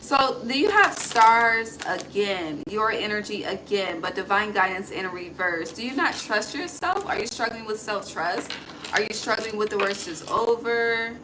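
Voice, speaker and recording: Speaking a little slowly in a medium-pitched voice, a woman does a relaxed, talkative card reading as an intuitive tarot reader. There's steady background noise as she muses aloud, curses freely, and addresses the listener as honey.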